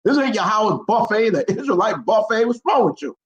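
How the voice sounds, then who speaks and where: A man's voice: high voice, expressive, fairly quick. A man voicing a blunt, mocking male deity who scolds in slang. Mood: scolding.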